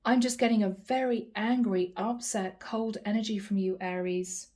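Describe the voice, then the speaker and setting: A woman's voice: mid-range voice, fairly even intonation, normal speed, a little mellow. A woman reading tarot cards to camera, earnest and speaking straight to her viewers. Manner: earnest, addresses viewers as guys. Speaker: tarot card reader.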